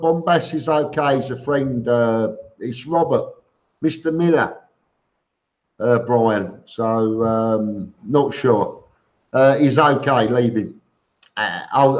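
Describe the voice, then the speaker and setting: A man's voice: mid-range voice, steady tone, slow, darkish tone. A man hosting a casual live stream, greeting viewers by name and answering their questions with chatty, joking asides. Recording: dull lo-fi stream audio.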